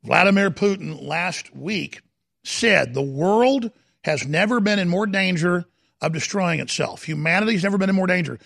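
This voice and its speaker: A heated male talk show host speaking from a studio, his voice set somewhat high and deeply gravelly with a rough fry. He delivers political commentary in a dramatic, emphatic way, leaning hard on key words. The sound is close and dry, with no room echo. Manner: emphatic, dramatic, swings from slow deliberate stresses to shouting. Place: broadcast studio.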